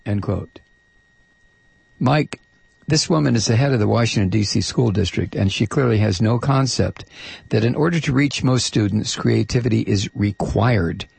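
A man's voice: on the low side, moderate pace, creaky, a little mellow, breathy edge, dry recording. A man hosting a talk show, reading a listener's letter aloud in an emphatic, sarcastic way. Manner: emphatic, sarcastic, stretches key words.

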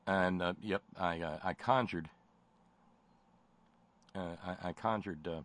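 A man's voice: low voice, slow pace, fairly bright tone. A man hosting a political call-in radio show, talking casually with sarcasm and frequent stammering restarts. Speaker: radio talk show host.

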